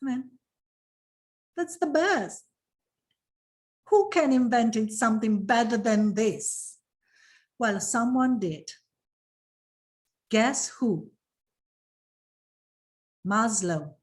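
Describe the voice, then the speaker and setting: Slow, emphatic woman trainer. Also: fairly high pitch, animated. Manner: emphatic, repeats phrases, emotional about her subject. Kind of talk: online training session.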